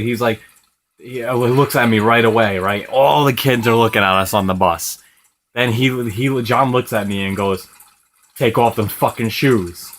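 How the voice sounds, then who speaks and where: A man's voice: fairly low pitch, fairly bright tone, slight background noise. A young man casually telling a rambling, profane story while playing a video game, laughing now and then. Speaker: gaming video host.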